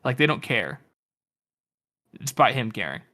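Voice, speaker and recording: A man's voice: mid-range voice, sing-song, unhurried, bright, forceful tone. A man co-hosting a podcast, making thoughtful, analytical remarks about a book. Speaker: podcast co-host. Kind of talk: casual book discussion.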